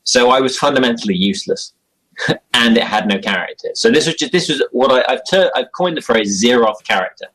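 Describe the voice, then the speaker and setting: A man's voice: mid-range voice, animated, brisk, a bit bright, poor audio. A young man chatting casually as an interview guest about his role-playing game character, rambling and self-deprecating with frequent chuckles. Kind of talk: casual chat.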